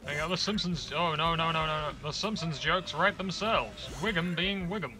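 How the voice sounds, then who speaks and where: Sweary young man gaming, slightly high voice. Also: normal speed, low-quality recording. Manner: sweary, self-mocking, yelps and groans at the game. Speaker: gaming video creator. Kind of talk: casual let's-play commentary. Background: video game music and sounds.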